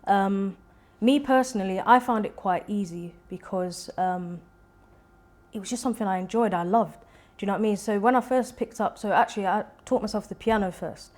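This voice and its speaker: A young woman, a singer-songwriter, chatting as a guest in an interview and telling stories with lively quoted voices. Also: mid-range voice, normal speed. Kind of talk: casual interview chat.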